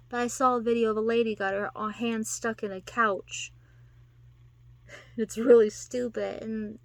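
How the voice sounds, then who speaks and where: A woman's voice: mid-range voice, vocal fry, a bit bright. A woman talking casually to her viewers, rambling and giggling, acting out quotes in put-on voices. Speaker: vlogger. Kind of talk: casual monologue to camera.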